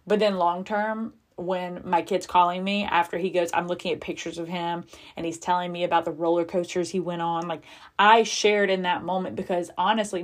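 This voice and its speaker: A woman hosting a podcast, talking frankly and confessionally with lots of casual filler and frequent swearing. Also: on the low side. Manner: chatty with many fillers. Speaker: podcast host. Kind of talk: candid personal monologue.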